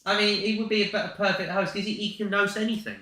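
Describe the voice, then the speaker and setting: Young male co-host, casual banter, very bright tone, echoey room. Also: high-pitched, steady tone. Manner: chatty, quick to joke. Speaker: livestream co-host. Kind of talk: casual chat.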